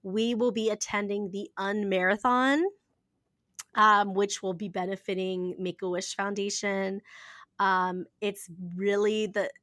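A woman's voice: medium pitch, little pitch movement, a little slow, a bit bright, no echo, studio quality. A woman co-hosting a podcast in casual chat, chatty, laughing easily and restarting her sentences. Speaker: podcast co-host.

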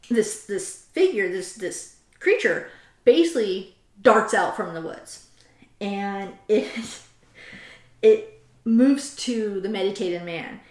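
A woman's voice: medium pitch, expressive, slow. A woman hosting a casual chat, animatedly retelling a story and reading quotes aloud from a book. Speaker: host. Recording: roomy echo.

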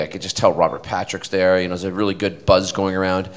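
A man telling animated, self-deprecating stories on a convention panel, speaking into a handheld mic on stage. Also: deep voice, clean tone. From Canada. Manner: animated, self-deprecating, quick to act out voices. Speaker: guest actor on a convention panel. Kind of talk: anecdotal storytelling to a live audience.

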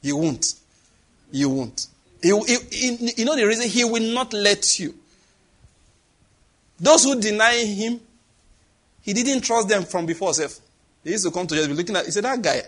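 Animated preacher, husky and high. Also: male voice, moderate pace, long pauses. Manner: animated, dramatic, acts out voices and sound effects. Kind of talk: sermon.

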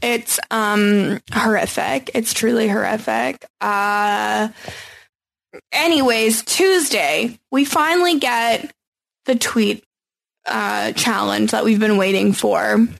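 High, gravelly-voiced woman podcast co-host. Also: slow. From United States. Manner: sarcastic, dry, joking. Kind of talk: casual chat recapping a reality show.

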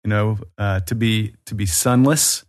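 A man in his forties with a Southern US accent, a guest chatting in an easygoing, friendly way with frequent pauses. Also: fairly low pitch. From Alabama, US South. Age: 40s. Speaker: guest expert on tourism. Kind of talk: casual conversation.

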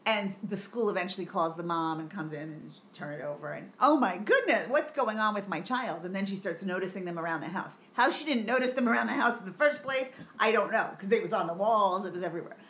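Animated, swearing middle-aged woman host. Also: on the low side, fast, few pauses. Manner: animated storyteller, swears freely, laughs often. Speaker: podcast co-host. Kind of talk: casual chat.

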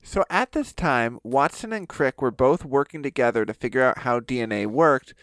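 A man's voice: medium pitch, animated, moderate pace, fairly bright tone, dry recording. A man co-hosting a comedy podcast, telling a history story with lots of laughter. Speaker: podcast co-host. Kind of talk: joking history chat.

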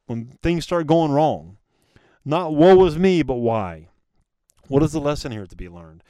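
A man's voice: mid-range voice, a little mellow, clean tone, no room sound, studio quality. A man hosting a solo motivational podcast, talking earnestly and casually to his listeners and calling them guys. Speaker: podcast host.

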